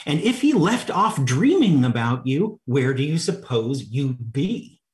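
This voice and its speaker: A man's voice: mid-range voice, very animated, measured pace. A man voicing Tweedledee, a smug, contrary little twin, in a mocking storybook reading.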